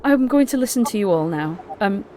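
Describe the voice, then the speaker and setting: A woman's voice: medium pitch, expressive, mellow, a little hiss or hum, natural voice. A woman voicing a remorseful young woman who stammers through earnest apologies. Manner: stammering, halting.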